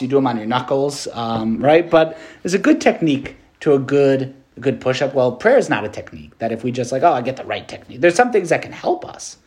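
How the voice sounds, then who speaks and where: A Catholic priest giving a conversational preached meditation, casual and animated, with plenty of fillers. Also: male voice, a little high.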